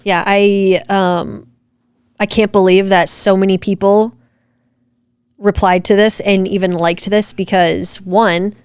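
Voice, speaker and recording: A woman's voice: mid-range voice, flat delivery, slow pace, a little mellow, smooth, no echo. Woman ranting about comments, blunt and fired up, swears a lot, dry sound. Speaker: podcast co-host. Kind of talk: casual chat reacting to comments.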